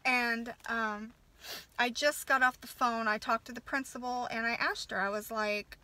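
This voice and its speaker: A woman's voice: a little high, steady tone, a little slow, bright, forceful tone. A mother ranting in a furious, profane casual rant, with stumbling restarts. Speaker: vlogger, mother.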